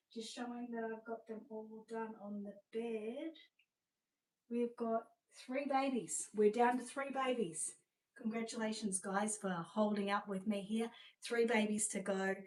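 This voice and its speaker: A woman's voice: mid-range voice, a little mellow, low-quality recording. A woman with an Australian accent, chatting through a live sales showcase in a gushing, friendly way with plenty of ums. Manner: chatty and gushing, many fillers. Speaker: seller presenting reborn dolls.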